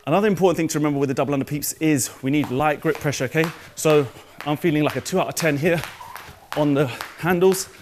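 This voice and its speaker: A man's voice: a little high, fast, slight background noise. A young man coaching jump rope, upbeat and hyped, a little out of breath as he talks viewers through a move. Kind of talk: energetic fitness tutorial.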